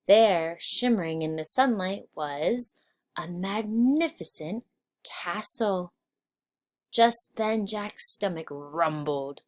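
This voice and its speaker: Slow, expressive woman reading aloud. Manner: expressive, varies pitch and volume with the story. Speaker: storyteller. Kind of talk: children's read-aloud narration.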